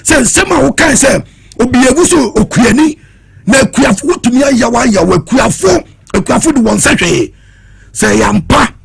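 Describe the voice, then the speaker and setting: A Ghanaian man with a high, very raspy and gravelly voice, making an impassioned, challenging point in heated political commentary. His pitch swings widely as he switches between Twi and English. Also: expressive, moderate pace.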